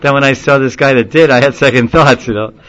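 A man telling a long story in a casual, rambling way, often laughing and getting animated when he quotes people. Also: medium pitch, quick pace. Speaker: speaker recounting a story in a class. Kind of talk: informal storytelling talk.

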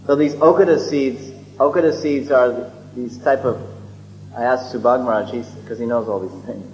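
A man's voice: medium pitch, a little mellow. Chuckling man telling a sacred story. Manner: chuckling, digressive, many restarts. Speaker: religious storyteller. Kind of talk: sermon storytelling. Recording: echoey hall, dull lo-fi, faint hum.

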